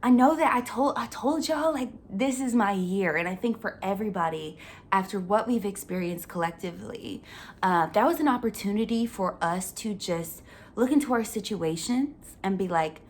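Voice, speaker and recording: A young woman hosting a vlog, talking in a casual, earnest way with lots of filler words and an upbeat, animated delivery. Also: medium pitch, moderate pace. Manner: chatty, earnest, full of "like" fillers. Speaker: vlog host. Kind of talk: casual life-update chat.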